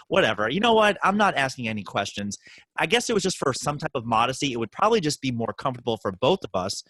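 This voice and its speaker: A man co-hosting a casual podcast, telling a story in a jokey, animated way. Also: medium pitch, quick pace, no room sound. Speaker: podcast co-host.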